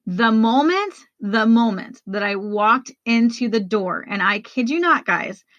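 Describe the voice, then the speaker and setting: A woman's voice: on the high side, lively intonation, a little slow, fairly bright tone, dry recording, lo-fi sound. A woman hosting a podcast, telling a personal story in a candid, conversational way and speaking straight to her listeners. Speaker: podcast host.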